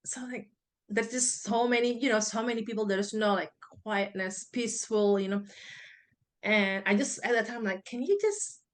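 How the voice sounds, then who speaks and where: A woman's voice: mid-range voice, steady tone, normal speed. A woman, recounting her own story as a guest in a casual, rambling way with many fillers and restarts. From Indonesia.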